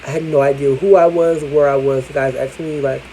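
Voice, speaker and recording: Brief: candid storytelling vlogger, middle pitch, mellow, swears casually. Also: fairly even intonation, fairly quick, slight background noise, low-quality recording. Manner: candid, chatty, profane.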